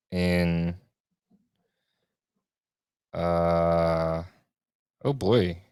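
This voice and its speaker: Young male podcast host, deep and smooth, dry close mic, rambling and self-correcting casual chat. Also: no echo.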